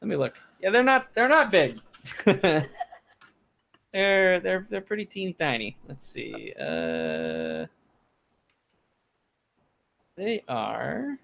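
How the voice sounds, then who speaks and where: A man narrating as dungeon master in a relaxed, rambling way with many fillers. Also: a little high, takes it slowly, gravelly. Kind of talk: narrating a tabletop game.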